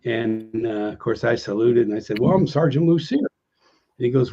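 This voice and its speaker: A man's voice: expressive, normal speed, dark tone, breathy edge. An older American man telling war stories in an interview, rambling with many fillers and restarts, and raising his voice when he acts out old conversations. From United States. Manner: acts out quoted dialogue with lifted pitch. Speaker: interview guest, veteran. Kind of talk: casual storytelling. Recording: dull lo-fi audio.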